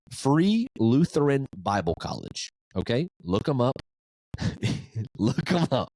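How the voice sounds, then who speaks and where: A man's voice: mid-range voice, dry recording. A man hosting a casual sports podcast, ranting in disbelief and laughing often. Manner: incredulous, laughing, animated ranting. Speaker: podcast host.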